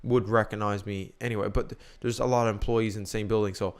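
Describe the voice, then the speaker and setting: A man's voice: on the low side, flat delivery, quick pace, smooth. A young man co-hosting a podcast, chatting casually and opinionated, acting out the lines he quotes. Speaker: podcast co-host. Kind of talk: casual chat.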